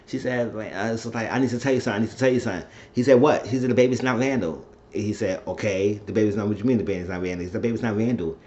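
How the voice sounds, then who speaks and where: Animated man recapping a TV episode. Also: racing, hardly any pauses, lo-fi sound. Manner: animated retelling, acting out characters' lines with big jumps in pitch. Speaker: TV recap host.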